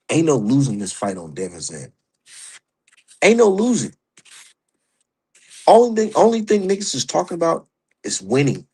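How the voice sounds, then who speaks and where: A man's voice: mid-range voice, a little mellow, breathy edge. A man ranting about boxing on his stream, heated, profane and mocking. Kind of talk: opinionated casual rant.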